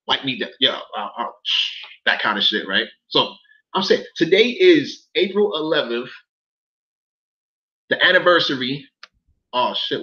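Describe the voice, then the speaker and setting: A man rants on a livestream, with a lively voice that swings all over. His tone is bright and forceful, and he keeps repeating phrases and swearing. The stream audio sounds dull and lo-fi. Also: medium pitch. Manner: heated, profane, repeats phrases, talks to chat. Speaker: livestream commentator. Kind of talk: casual livestream rant.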